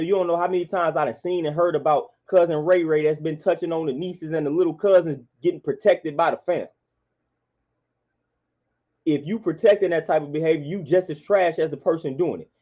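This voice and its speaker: A man, delivering an impassioned monologue in a preachy, repetitive, emphatic way. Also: a little high. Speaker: vlogger. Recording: dull lo-fi sound.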